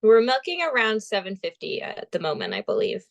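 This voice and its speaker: A young woman from Vermont talks as a guest in a casual interview. She tells stories with animation and acts out what people said. Her pitch sits in the middle range for a woman. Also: fairly quick, creaky. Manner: animated storyteller, acts out quotes. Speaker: guest, pageant titleholder.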